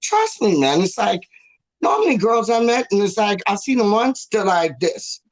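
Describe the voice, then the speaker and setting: A man's voice: high voice, animated, normal speed, low-quality recording. A young man, co-hosting a casual chat, rambling in slang full of "like" and "dog". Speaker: co-host.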